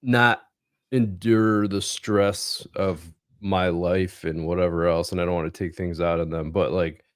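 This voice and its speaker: A man in casual podcast chat, telling relaxed self-deprecating stories. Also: low-pitched, unhurried, dry recording, studio quality. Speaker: podcast guest.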